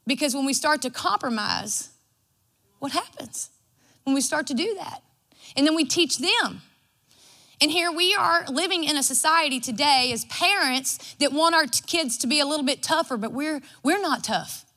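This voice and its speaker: A woman's voice: high-pitched, expressive, moderate pace, sharp tone. A woman, preaching a devotional sermon in a folksy storytelling way. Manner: folksy and storytelling, acts out her own quotes.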